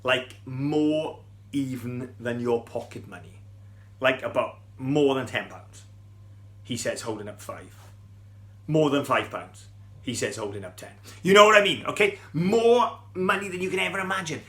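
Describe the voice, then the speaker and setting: A man's voice: mid-range voice, unhurried, bright, forceful tone. A middle-aged man, telling a Bible story to children in a chatty, playful way and asking them questions.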